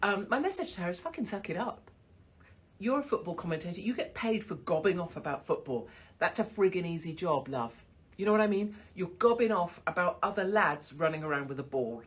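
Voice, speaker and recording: A woman's voice: fairly low pitch, animated, a little fast, breathy edge. A woman hosting a casual livestream from a hotel room on her phone, swearing bluntly and mocking people with frequent laughter. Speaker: livestream host.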